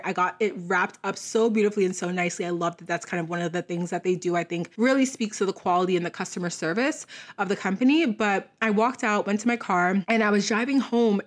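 A young adult woman hosting a solo podcast, talking in a chatty, reflective way and leaning on "like" as a filler. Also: medium pitch. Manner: chatty and reflective, heavy use of "like". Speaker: podcast host.

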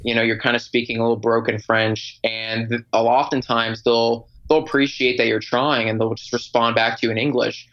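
An easygoing man co-hosting a podcast, offering advice in a measured, encouraging way. His voice sits at a middle pitch and sounds dull and lo-fi, as if through a cheaper mic. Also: little pitch movement, fairly bright tone. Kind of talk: casual conversation.

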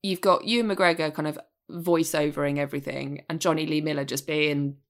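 A woman raves about a film's cast in a casual review chat, speaking with emphatic enthusiasm. Her voice sits a little low. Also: steady tone, fairly quick. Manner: gushing, emphatic. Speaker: podcast co-host.

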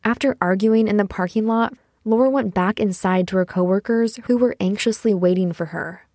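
A woman narrating a podcast in a measured, scripted way between interview clips. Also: mid-range voice, warm tone, no echo, clean studio sound.

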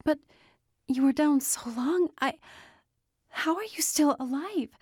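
A woman narrator voicing an anxious young house cleaner who talks high and breathlessly. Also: fast, warm tone, dry recording, clean studio sound, natural voice. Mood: alarmed.

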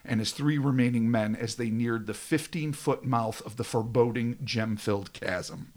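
A man's voice: medium pitch, moderate pace, a little mellow. A man hosting a casual podcast, reading a dramatic script aloud and breaking off into joking asides. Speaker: podcast host.

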